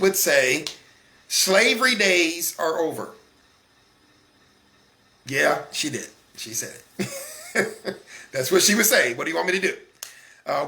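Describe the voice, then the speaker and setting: A man's voice: high-pitched, creaky, pushed and bright. A man in his forties hosting a solo talk broadcast, speaking in a conversational, emphatic way with frequent fillers and restarts. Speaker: broadcast host. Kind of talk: solo talk show monologue.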